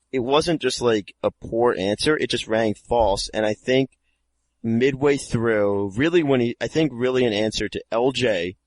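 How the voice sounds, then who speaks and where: A man's voice: lowish voice, no room sound. Opinionated man co-hosting a podcast. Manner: opinionated, emphatic. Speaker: podcast co-host. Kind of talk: casual chat.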